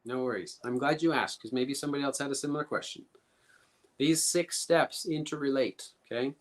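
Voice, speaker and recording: A man speaks in an earnest, coaching manner, working through his points with rhetorical questions. His pitch sits at an ordinary middle level for a man. The delivery is instructive, like a guest teaching a lesson. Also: a little fast. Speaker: guest speaker teaching emotional coping steps. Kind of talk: instructive talk.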